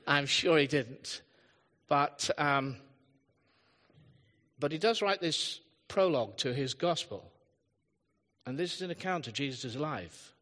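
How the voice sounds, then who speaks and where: Bright-voiced pastor in a hall. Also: male voice, on the high side, lively intonation, slow pace, pauses often. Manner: chatty storytelling with asides and self-deprecating humor. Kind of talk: sermon. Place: church hall, live service. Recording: long hall reverb.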